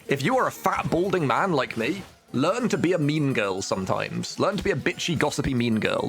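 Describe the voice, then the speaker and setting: A man streaming a game, talking in a loose, rambling way. He cracks jokes, swears freely and keeps throwing in "dude". Soft music plays quietly behind him. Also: medium pitch. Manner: rambling, joking, swears and says "dude" often. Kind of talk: casual gameplay chat.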